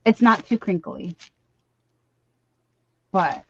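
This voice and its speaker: Speaking slowly in a mid-range voice, a livestream host unwraps gifts during a relaxed chat, excitable and gushing, gasping and exclaiming often. Her webcam or desk mic produces dull, dry stream audio.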